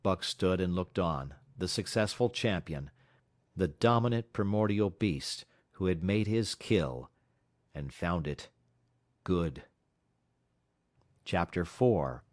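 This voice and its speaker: A man reading a novel aloud as an audiobook narrator, measured and dramatic, dropping low at tense moments. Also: expressive, a little mellow, dry recording.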